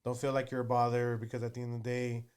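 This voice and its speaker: A man's voice: medium pitch, monotone, fast, darkish tone, clear, resonant tone. A man, telling stories as an interview guest, rambling with many fillers. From Texas. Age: 30s. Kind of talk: casual storytelling.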